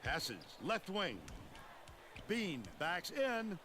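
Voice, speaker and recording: A man's voice: high voice, big pitch swings, extremely slow, background noise, heavily acted. A man calling basketball play-by-play in a video game, speaking in short clipped phrases. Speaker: play-by-play commentator. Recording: quiet game audio from far off.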